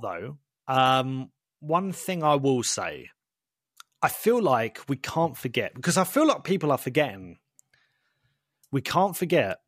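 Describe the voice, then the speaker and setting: A man co-hosting a casual chat, animated and calling his friend "mate" a lot. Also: fairly high pitch, no room sound, studio quality. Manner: animated, says "mate" often, many restarts. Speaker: podcast co-host.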